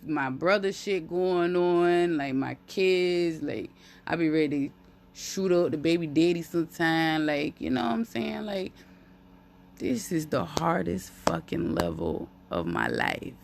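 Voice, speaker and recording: A woman's voice: low voice, creaky, fairly bright tone, slight background noise. A woman talking candidly on a live stream into a phone. She speaks openly and profanely and repeats phrases for emphasis. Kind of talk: heartfelt live-stream monologue.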